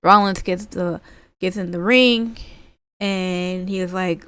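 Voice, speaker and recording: A woman's voice: mid-range voice, takes it slowly, fairly bright tone, clean tone, no echo. A woman giving a casual, rambling spoken recap of a wrestling segment, full of fillers like "basically" and "like". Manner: rambling, filler-heavy retelling.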